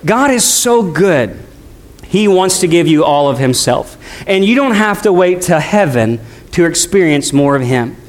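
High-voiced man preaching a sermon. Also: very animated, a little slow. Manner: conversational preaching with shifting pace. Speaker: pastor.

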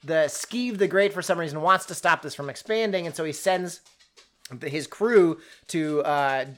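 A co-host in casual book talk, rambling and animated, breaking off mid-sentence and starting again. The voice sits in a middle range, neither high nor low. Jokes and quoted asides run through the chat. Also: moderate pace. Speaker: podcast co-host reviewing a book.

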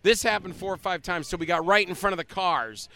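Middle-aged guy from florida, kinda high voice, rattling off stories, acting out everybody he quotes. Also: a little fast, crowd noise. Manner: animated, acts out quoted people in his stories. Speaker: guest. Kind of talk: anecdotal storytelling.

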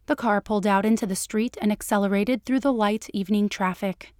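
A woman narrating a romance story in an even storytelling manner. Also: mid-range voice, a little fast, few pauses, smooth, dry recording, studio quality. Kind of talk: audiobook narration.

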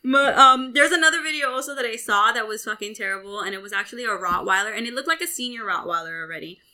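Brief: woman co-host, bright tone, chatty storyteller in relaxed talk. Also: fairly high pitch, quick pace. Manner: chatty, retells videos, laughs easily. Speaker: podcast co-host. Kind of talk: casual chat.

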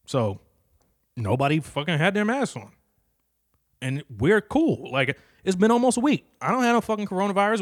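A man's voice: high voice, no room sound, clean studio sound. Foul-mouthed, rambling young man hosting a podcast. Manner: profane, rambling, blunt. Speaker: podcast host. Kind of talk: casual solo podcast monologue. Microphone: handheld stand-up comedy mic on a stand.

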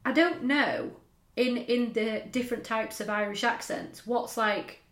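A woman's voice: a little high, measured pace, a bit bright. A woman telling stories in a casual chat as podcast co-host, laughing often. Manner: laughing, chatty storytelling with dialect. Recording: roomy echo.

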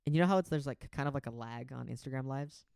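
A young man rattles through a story at a quick clip, his voice gravelly with fry. He rambles, peppering everything with "like" and cursing casually. The sound is dry and close. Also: mid-range voice, darkish tone, dry recording. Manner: rambling, heavy use of "like", frequent swearing. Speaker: podcast co-host.

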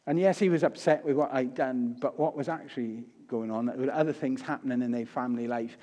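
An older man giving a sermon, telling stories with humor and swinging between loud and soft delivery. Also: mid-range voice. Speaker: preacher. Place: church. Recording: long reverb of a church hall.

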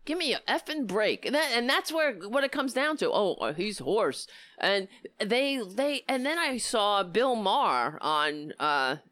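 Impassioned, hoarse woman talk host. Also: on the high side, expressive, unhurried, no echo. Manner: impassioned, indignant, rising to near-shouting. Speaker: political talk show host. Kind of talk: opinionated political commentary.

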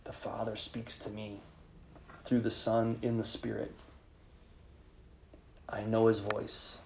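A priest speaking in a conversational sermon to a live group, leading them in call-and-response. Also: male voice, fairly low pitch, completely flat delivery, slow pace, creaky, a little hiss or hum. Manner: informal, leads call-and-response with listeners.

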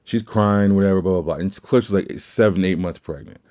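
Low, mellow-voiced man telling stories. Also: fairly quick, muffled recording. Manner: rambling, profane, self-correcting. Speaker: podcast host. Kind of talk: casual storytelling chat.

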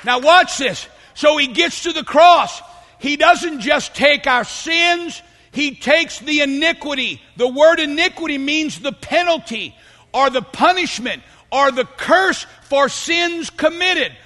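A man preaching a fervent sermon to a congregation, often rising into shouts. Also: very high voice, slow, a faint crowd. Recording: long hall reverb.

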